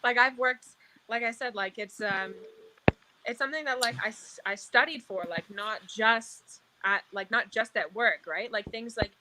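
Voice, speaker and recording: A young woman who works as a casino dealer appears as a guest, chatting casually at a normal speed in a slightly high voice. She rambles and says "like" constantly, with noise audible in the background.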